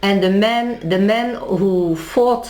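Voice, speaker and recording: A woman's voice: mid-range voice, takes it slowly, darkish tone. A woman, interviewed in a casual conversation, telling a story with many restarts and acted-out dialogue. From Netherlands. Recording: echoey room.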